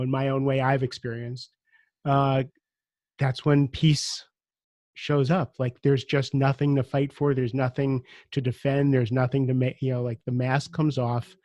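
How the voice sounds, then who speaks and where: A man's voice: medium pitch, darkish tone, no room sound, studio quality. A middle-aged man with a Brooklyn accent hosting a podcast, chatty and reflective, with some teasing. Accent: Brooklyn, New York. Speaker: podcast host. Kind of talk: conversational interview hosting.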